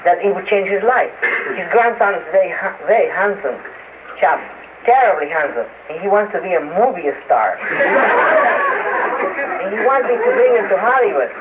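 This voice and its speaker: An interview guest, a man with a high, animated voice, speaks casually over a noisy crowd. He's halting and hesitant, full of restarts and fillers, heard on crackly, noisy, lo-fi archival radio that sounds phone-like.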